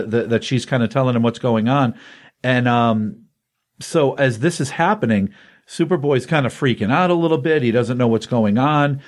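A man hosting a comics podcast and retelling a comic book story in a loose, conversational way, dipping in and out of quoted lines. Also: medium pitch. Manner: animated storytelling with quick voiced quotes.

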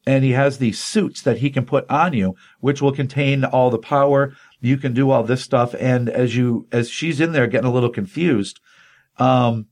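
A medium-pitched male voice casually retells a comic book issue on a podcast. He rambles with lots of ums and restarts, and acts out the dialogue.

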